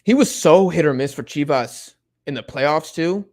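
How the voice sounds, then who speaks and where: A young man casually chatting through a live football watch-along, reading and answering chat in relaxed slang. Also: fairly high pitch, moderate pace. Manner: laid-back slang-heavy chatter, many fillers.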